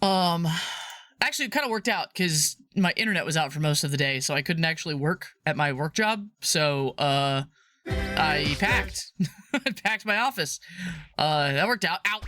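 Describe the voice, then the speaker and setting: Giggly woman streamer with a lively voice. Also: moderate pace, faint music behind. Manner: giggly and rambling, laughs often; playful, bursts into high squeals. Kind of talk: casual livestream chat.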